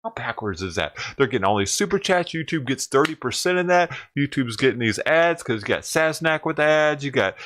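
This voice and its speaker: A man's voice: medium pitch, expressive, fairly quick, few pauses, a bit bright, a little hiss or hum. A man doing a sarcastic, profane rant as a livestreamer, mocking and riled up. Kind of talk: ranting livestream commentary.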